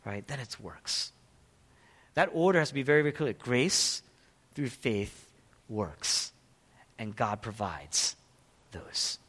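Man preaching with big swings in pitch. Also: animated, slow, long pauses, husky. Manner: emphatic preaching, swings from loud to hushed; asks the congregation questions and answers them. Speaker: pastor. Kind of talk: sermon. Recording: long reverb of a large hall.

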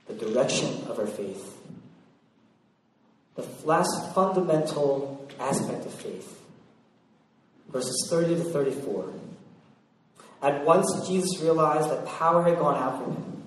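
A man's voice: medium pitch, slight background noise. A man preaching a sermon, telling stories animatedly and acting out voices, heard from a distance in a large church hall. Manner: animated storytelling with acted-out voices. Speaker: pastor. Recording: echoey hall from far off.

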